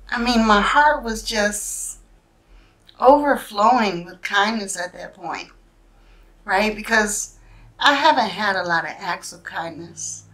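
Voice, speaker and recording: Slow, earnest woman tarot reader. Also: mid-range voice, a bit bright. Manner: earnest, emotional, speaks in short halting phrases with frequent "right?". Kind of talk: spiritual tarot reading, personal storytelling.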